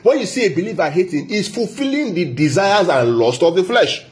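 An expressive, high-pitched man delivers an emphatic Bible teaching sermon. Key phrases come back again and again, rhetorical questions punctuate it, and he eases his pace to underline scripture quotations.

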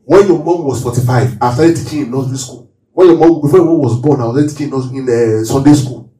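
A man's voice: mid-range voice, fast talker, mellow. A man preaching as a pastor, leading his congregation through call-and-response Bible reading and teaching from the verses. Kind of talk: sermon. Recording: roomy hall, voice from far off.

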